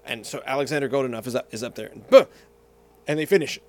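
A man's voice: mid-range voice, fast, darkish tone. A man vlogging casually, telling a rambling story and tasting a beer, often correcting himself and going off on tangents.

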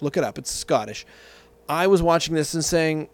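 A man's voice: fairly high pitch, animated, moderate pace. A man vlogging casually, telling a rambling story and tasting a beer, often correcting himself and going off on tangents.

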